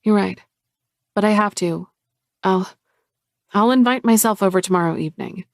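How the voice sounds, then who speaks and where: A woman voicing a gentle, earnest young woman in an audiobook, speaking softly and a little higher than her narration. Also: moderate pace, dry recording, studio quality, lightly acted.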